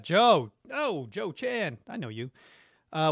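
Answering chat comments during a live-stream Q&A, a middle-aged branding and marketing expert speaks effusively in a fairly high, fairly bright voice with big pitch swings and a measured pace. He often starts his sentences over, and the studio audio is clean with no room sound.

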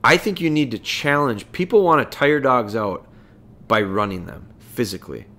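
A man's voice: mid-range voice, expressive, normal speed, sharp tone. A man hosting a podcast, giving casual dog training advice in a folksy way, full of rhetorical questions.

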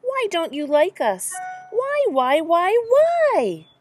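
A woman voicing a friendly, eager young male bear in a children's storybook, asking questions over and over and then warmly inviting a shy animal out. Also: very high voice, wildly swooping pitch, slow pace, no room sound, soft background music, pitched above the performer's own voice, exaggerated voice. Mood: pleading, curious. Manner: insistent, questioning, welcoming.

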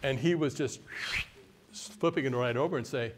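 An older man from the United States, giving a conversational workshop talk and often quizzing the audience with questions. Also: medium pitch. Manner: mimics a haughty deliberate voice at times. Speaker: workshop speaker.

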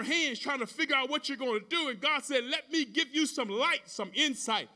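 A male pastor with a very high, bright and sharp voice preaches a sermon with driving rhythm. He repeats his phrases, stretches key words out slowly, and calls back to the congregation as he goes. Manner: preaching with call-and-response to the congregation.

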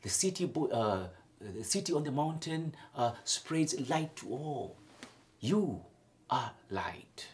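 A man from Africa preaching a homily, with sudden loud emphatic lifts and soft near-whispered drops. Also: medium pitch, big pitch swings, takes it slowly, slight background noise. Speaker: priest.

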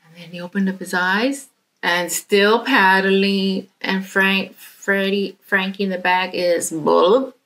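A woman tells a children's story to kids in a church, taking it slowly and dramatically. She hushes to a near whisper at tense moments and speaks at a mid pitch. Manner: slow, expressive, drops to a whisper for suspense.

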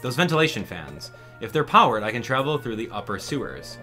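An earnest young skeleton hero from a video game speaks plainly and directly. A man reads him in a bright voice close to his own. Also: medium pitch, very animated, a little fast, faint music behind.

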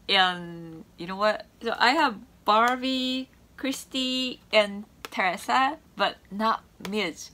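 A woman's voice: mid-range voice, slow, few pauses, pushed and bright, a little hiss or hum. A woman vlogger chatting casually to her viewers about her shopping haul, bubbly and gushing. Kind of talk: casual chat to camera.

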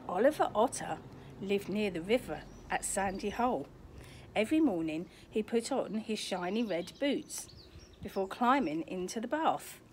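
A woman's voice: mid-range voice, lively intonation, moderate pace, a little mellow, a little hiss or hum. An older woman reading a picture book aloud to children outdoors in a garden, chatty and sing-song, often asking the listener questions. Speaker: storyteller, grandmother persona. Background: faint birdsong.

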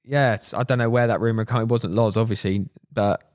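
A man's voice: on the low side, brisk. A young man, a podcast guest, telling stories in casual slang and acting out what people said. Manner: animated, slangy, acts out quotes. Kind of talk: casual storytelling.

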